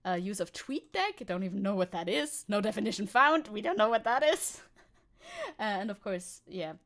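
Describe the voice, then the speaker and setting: A woman's voice: medium pitch, lively intonation, moderate pace, fairly bright tone. Giggly woman streamer chatting. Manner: chatty, giggly, reacts aloud to what she reads. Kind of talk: casual live-stream chat reading news aloud.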